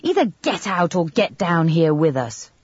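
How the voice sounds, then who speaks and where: A man's voice: a little high, sing-song, normal speed, breathy edge, dry recording, voice pushed up. A man reading as a scornful proud marquise. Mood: commanding. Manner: scornful, commanding. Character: imperious proud marquise, harsh woman. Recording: slightly dull lo-fi audio.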